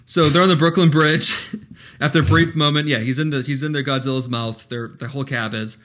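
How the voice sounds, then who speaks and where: A man's voice: medium pitch, steady tone, fairly quick, fairly bright tone. A man co-hosting a casual podcast, recapping a movie plot with profane, ranting commentary. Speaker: podcast co-host reviewing a movie. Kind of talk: casual movie-riff chat.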